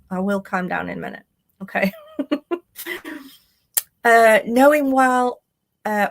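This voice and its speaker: A woman hosting a true crime live stream, reading messages aloud with sarcastic, exasperated asides. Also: mid-range voice. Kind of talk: casual live stream commentary.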